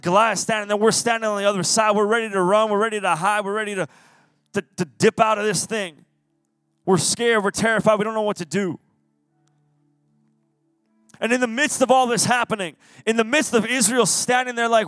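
A man giving an energetic, casual, jokey youth sermon as a youth pastor. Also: high-pitched, normal speed, no echo, clean studio sound, soft background music. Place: youth service hall.

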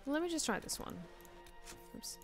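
A woman's voice: normal speed, soft background music. A woman streaming a video game, chatting casually with her viewers and swearing freely as she plays. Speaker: streamer and hobby voice actor. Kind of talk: casual live-stream chat while gaming.

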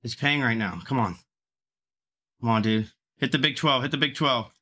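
Bright-voiced man cursing and pleading. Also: medium pitch, normal speed. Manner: profane, swings between begging and cursing. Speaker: livestreamer. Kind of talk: live-streamed gambling commentary.

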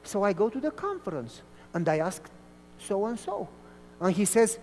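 A man from Romania preaching a sermon as a pastor, telling stories in an animated way. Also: high voice, normal speed. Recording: long hall reverb.

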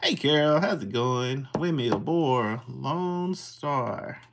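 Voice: medium pitch, expressive, takes it slowly, a little hiss or hum. A livestream host, casually reading out symbols one by one and greeting viewers in the chat.

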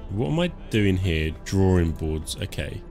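A man's voice: low-pitched, sing-song, measured pace, darkish tone, faint music behind. A man giving casual live commentary while playing a game, joking and chuckling as he talks to himself and his chat. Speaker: live-stream gamer.

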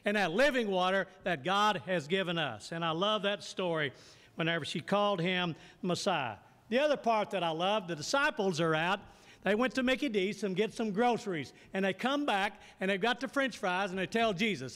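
A man with a high voice preaches a sermon in a church sanctuary, and the room rings with a long reverb. He keeps asking his congregation questions and waiting for them to answer back. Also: animated, normal speed, a bit bright.

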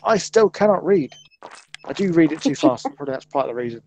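A man's voice: on the high side, expressive, quick pace, warm tone, slight background noise. A man hosting a casual co-op gaming session, chatty and jokey, narrating what he is doing. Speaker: let's play host. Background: game music.

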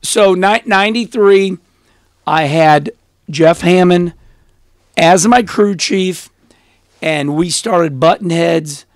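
A middle-aged man as an interview guest, telling stories in a blunt, animated way and laughing often. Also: sits high, takes it slowly, pauses often, dry recording, studio quality. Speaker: interview guest, former race car driver. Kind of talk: casual storytelling interview.

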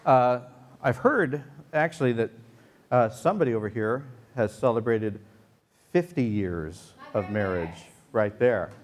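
A bit of hiss or hum sits under the recording of a male pastor preaching in a church sanctuary. His mid-range voice is expressive and measured, and he chats with the congregation through jokes and stories.

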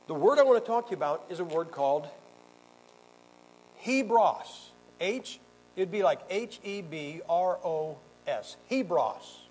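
A male pastor leads a Bible class in a combative, sarcastic way, firing questions at his listeners. His voice sits fairly high for a man. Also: darkish tone, low-quality recording. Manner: combative, sarcastic, quizzes the audience.

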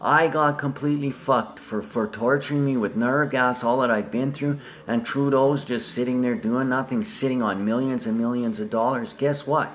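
A man's voice: mid-range voice, fairly even intonation, moderate pace, hardly any pauses. A man talking in a long rambling monologue, swearing freely and jumping from topic to topic.

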